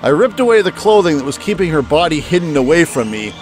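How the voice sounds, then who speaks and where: A man's voice: fairly high pitch, very animated, fast talker, faint music behind. A man reading a wounded young man's first-person narration aloud from a visual novel, in a plain, lightly dramatic way.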